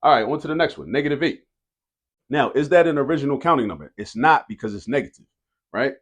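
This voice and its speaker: A man's voice: medium pitch, lively intonation, quick pace, slightly rough. A man teaching a math lesson, talking casually and directly to students, repeating each key rule for emphasis.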